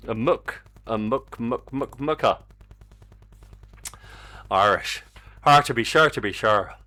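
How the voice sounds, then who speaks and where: A chatty, excitable man talks through his game-making live from a home desk, speaking into a desk mic on a stand. His voice swings up and down a lot, and he swears freely. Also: mid-range voice. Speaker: indie game developer streaming. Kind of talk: casual live-stream commentary.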